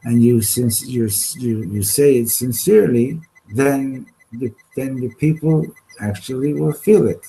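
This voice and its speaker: A man leading an informal Torah class, halting and restarting often, slipping Hebrew terms into his English. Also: mid-range voice, vocal fry, mellow, husky, rough recording. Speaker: Torah teacher. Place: study hall classroom.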